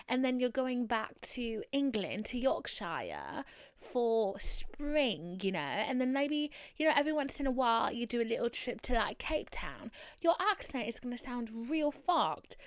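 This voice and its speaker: A young woman from the Boston area hosts her own podcast in a slight Boston accent. She rambles candidly and swears freely. Her voice is smooth and clear, recorded close and dry. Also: medium pitch, a bit bright, no echo. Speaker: podcast host. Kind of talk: casual solo podcast monologue.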